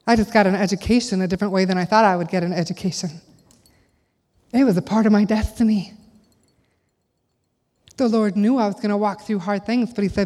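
A woman's voice: mid-range voice, steady tone, a little fast, long pauses, warm tone. A middle-aged woman giving a conversational sermon to a church audience, full of rhetorical questions. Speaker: speaker at a church gathering. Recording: long hall reverb.

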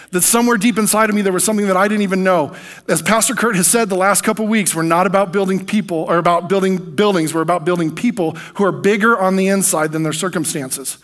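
A man with an American accent and a fairly high voice delivers a sermon built around a personal testimony. He speaks earnestly and with feeling, and his voice swells as he recounts his prayers. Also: fairly bright tone. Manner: earnest, emotional storytelling. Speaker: preacher.

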